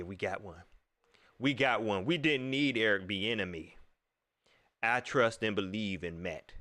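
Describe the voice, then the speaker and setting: A man with a Southern US accent hosts a casual live-stream chat, animated and quick to laugh, and his voice climbs high when he gets riled. The studio-quality recording has no room sound.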